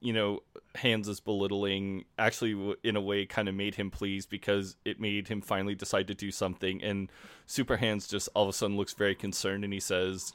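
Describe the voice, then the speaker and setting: A man co-hosting a podcast, wryly recapping scenes in relaxed casual chat on a home mic. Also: on the low side, brisk, smooth, no room sound. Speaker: podcast co-host.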